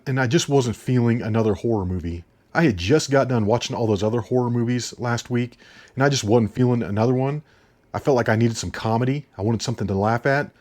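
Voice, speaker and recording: A man chats about films in a loose, rambling way. He repeats himself, chuckles as he goes, and keeps his voice at an everyday middle pitch. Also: a little mellow. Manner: chatty, laughs often, repeats himself. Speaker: movie reviewer. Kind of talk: casual rambling movie review.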